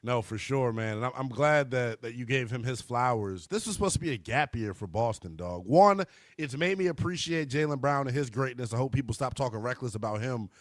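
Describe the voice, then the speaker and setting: A man hosting a sports radio show, chatting casually with a guest in a relaxed, slangy way. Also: mid-range voice, a little fast, no room sound, clean studio sound. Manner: relaxed, agreeable, slangy interviewer.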